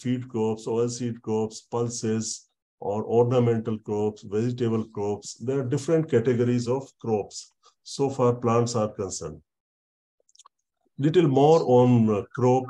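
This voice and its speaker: A man with a mid-range, warm voice delivers an online university lecture. He explains slowly, repeating words and using many fillers.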